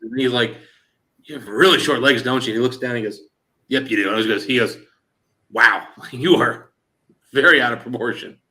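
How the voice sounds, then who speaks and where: A man hosting a casual chat show, telling an anecdote and quoting others in lively back-and-forth with lots of "like" and "he goes". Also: mid-range voice, fairly quick, long pauses. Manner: animated storyteller quoting others in dialogue; frequent fillers like "like" and "he goes". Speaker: show host.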